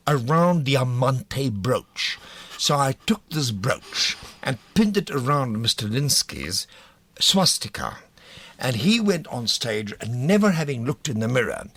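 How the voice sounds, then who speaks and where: Older South African man, theatrical storyteller. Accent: Afrikaans-inflected South African English. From South Africa, Orange Free State. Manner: theatrical storyteller, lively pitch jumps, self-mocking. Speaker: interviewee, actor. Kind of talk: reminiscing conversation.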